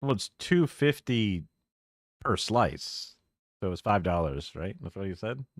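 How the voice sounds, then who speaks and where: Low-voiced man musing on a stream. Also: very animated, measured pace, no echo, studio quality. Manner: musing and conversational. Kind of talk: live reaction commentary.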